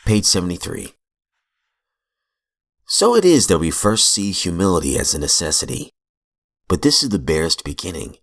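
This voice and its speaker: A man with a very low voice and a gravelly edge reads a recovery text aloud. His delivery is measured and earnest, with brief asides, close to the mic in a small room. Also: sing-song. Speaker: reader of recovery literature. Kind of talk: reading aloud from a book.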